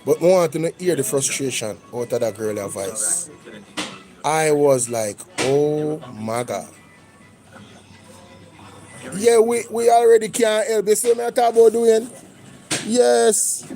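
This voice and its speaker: Jamaican man with a mellow voice. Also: high-pitched, a little slow, pauses often, faint music behind. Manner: conversational, lapsing into patois. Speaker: reaction channel host. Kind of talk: casual commentary with livestream shout-outs.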